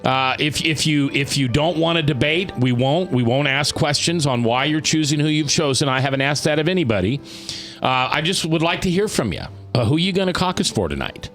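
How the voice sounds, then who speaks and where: A man's voice: fairly high pitch, expressive, a bit bright, faint music behind. Rambling male talk radio host. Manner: rambling, restarts often, drawn-out emphatic phrasing. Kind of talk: casual talk radio chat.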